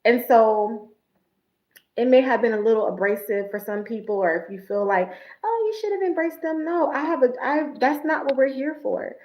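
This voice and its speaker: Brief: outspoken woman host, livestream chat, slightly high voice, echoey room. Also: normal speed, lo-fi sound. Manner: blunt, animated storyteller.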